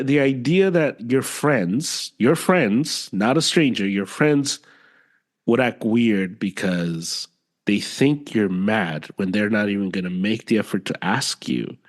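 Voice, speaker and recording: Low-voiced man venting in casual chat. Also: slow. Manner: animated, exasperated venting with repeated phrases. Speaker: podcast co-host.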